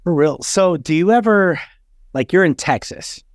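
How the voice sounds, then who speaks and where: A man's voice: high voice, expressive, a little slow, no room sound, studio quality. A man in his thirties hosting a podcast, chatting casually and bluntly, swearing freely as he tells stories. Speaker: podcast host. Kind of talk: casual chat.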